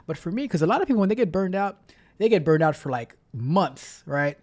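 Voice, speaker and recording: A man's voice: fairly high pitch, very animated, fairly quick. Chatty male livestream host. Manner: chatty, repeats himself, reads chat aloud. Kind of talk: casual live-stream chat.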